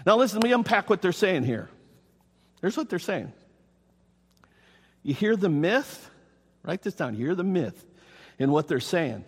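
This husky, high-pitched man delivers his sermon unhurriedly, very animated yet leaving long pauses. As pastor, he reads scripture and speaks straight to his congregation, his words echoing through a reverberant church hall.

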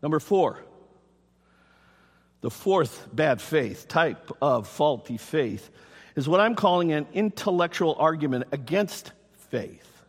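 A man's voice: on the high side, expressive, slow pace, breathy edge. A man preaching a sermon as pastor to his congregation, reading scripture aloud and speaking directly to the people. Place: church. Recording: reverberant hall.

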